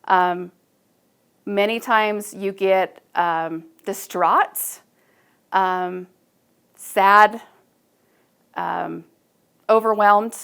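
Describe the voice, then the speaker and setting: A woman giving a recorded staff training talk, measured and instructive, with frequent ums and uhs. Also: mid-range voice, fairly even intonation, creaky, a bit bright, clear, resonant tone.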